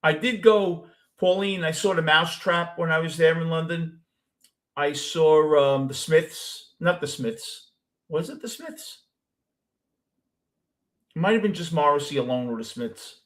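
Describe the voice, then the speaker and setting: A man's voice: fairly high pitch, measured pace, fairly bright tone. A man with a Brooklyn accent who hosts a show, chatting casually with a caller and telling long, rambling stories with many restarts. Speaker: host.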